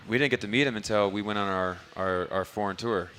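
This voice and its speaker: A man's voice: fairly low pitch, brisk, a bit bright, slight background noise. A man who coaches basketball, telling rambling stories in an easygoing way during a live interview at a restaurant bar. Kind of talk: casual interview answers.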